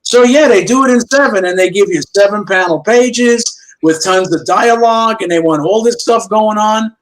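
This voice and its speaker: An older man, a guest comic book artist, telling lively anecdotes and acting out the dialogue of people he worked with. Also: high-pitched, normal speed, low-quality recording. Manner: lively storyteller who acts out quoted dialogue. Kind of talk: storytelling anecdotes in a chat show interview. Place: remote video call.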